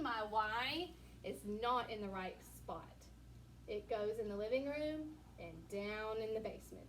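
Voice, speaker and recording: A woman teacher giving a recorded lesson to young children, patient and encouraging, asking questions and pausing for answers. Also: fairly high pitch. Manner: slow, patient, encouraging, asks questions and pauses. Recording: distant mic, faint room noise.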